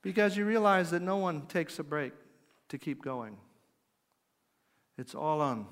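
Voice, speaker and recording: A middle-aged man preaching a conversational sermon, asking his listeners questions and dropping to a quiet, slow voice for emphasis. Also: fairly high pitch, expressive. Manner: conversational, asks the audience questions. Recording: long hall reverb.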